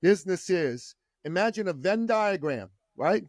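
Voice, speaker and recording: Fervent high-voiced man from Iran. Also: lively intonation, a little slow, no room sound, studio quality. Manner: fervent, preacher-like delivery. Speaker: entrepreneur guest. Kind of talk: podcast interview storytelling.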